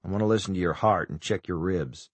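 A man with a deep, husky voice talks fast, voicing an audiobook character: a male doctor who wisecracks and teases in a deliberately bad fake Scottish accent. The recording is dry.

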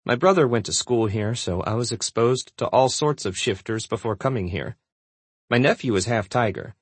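A man narrating a first-person audiobook in a steady, relaxed storytelling manner. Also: mid-range voice, moderate pace, slightly rough, no room sound.

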